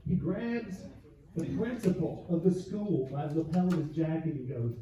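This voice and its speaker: A middle-aged man from the South, performing a stand-up comedy set with punchy storytelling and quick comic voices. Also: on the high side, animated, mellow, distant mic. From American South. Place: comedy club stage. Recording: echoey club with crowd noise, lo-fi. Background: audience laughter.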